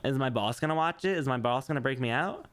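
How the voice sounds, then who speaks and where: A man's voice: medium pitch, lively intonation, quick pace, fairly bright tone. A man playing a video game, commenting playfully and reading its text aloud. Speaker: game player.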